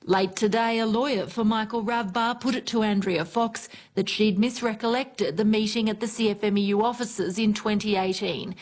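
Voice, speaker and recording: A woman reporter delivering a scripted news report in a clear, even manner. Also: mid-range voice, moderate pace, few pauses.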